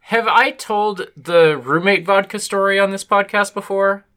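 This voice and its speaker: Woman podcast host, bright tone, playful and teasing in a lively chat. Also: mid-range voice. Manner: playful, teasing, quick to laugh. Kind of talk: casual comedic chat. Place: basement.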